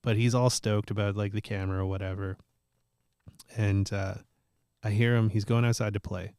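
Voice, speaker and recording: A podcast host with a lowish, clear, resonant voice talks at normal speed in clean studio sound with no echo. Running a casual chat show, he's an animated storyteller who laughs a lot and swears now and then.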